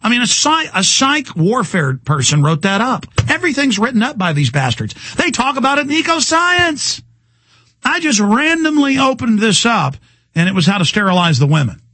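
A man's voice: extremely high pitch, sing-song, moderate pace, bright, forceful tone, no echo. A male radio host delivering an agitated, ranting talk radio monologue, often stumbling over repeated words.

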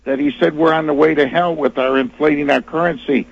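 A man's voice: fairly high pitch, fairly even intonation, vocal fry, husky, no room sound. A male caller to a radio show, speaking hesitantly with many restarts. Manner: hesitant, halting, full of restarts. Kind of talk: call-in radio. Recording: dull lo-fi phone line.

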